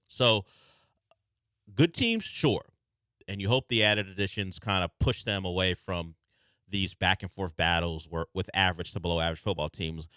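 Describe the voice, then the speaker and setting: A man hosting sports talk radio, wry and animated, teasing his callers. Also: low-pitched, no room sound, clean studio sound.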